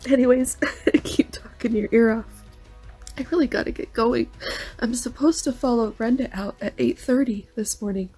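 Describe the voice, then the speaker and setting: A woman's voice: fairly high pitch, steady tone, moderate pace, dark tone, slightly rough, soft background music. A woman leaving a rambling, heartfelt voice message for a relative. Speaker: vlogger.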